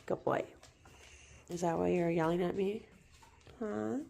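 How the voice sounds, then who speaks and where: A woman talking in a soothing, teasing sing-song to her pet dog, sometimes dropping to a soft near-whisper. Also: lowish voice, fairly even intonation, unhurried, gravelly. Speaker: dog owner.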